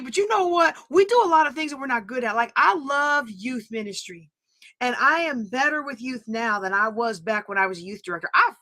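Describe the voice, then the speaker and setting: A middle-aged woman, hosting a live stream class, chatty and talking straight to her viewers, her voice going high and screechy when she gets excited. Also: a little fast. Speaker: podcast host teaching a live class.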